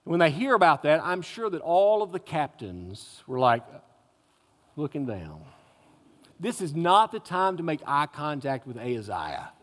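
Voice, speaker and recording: A slightly high-voiced man gives an expository sermon in a reverberant hall, acting out a scripture story with wry humor sprinkled throughout. He's very animated, keeps a measured pace, and has a fairly bright tone.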